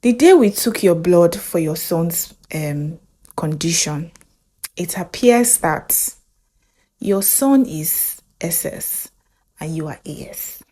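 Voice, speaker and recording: A Nigerian woman voicing a male doctor who speaks slowly in hushed, breathy tones. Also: on the low side, lively intonation, pitched below the performer's own voice. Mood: grave. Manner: slow, hushed, breathy whispers. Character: grave male doctor breaking bad news.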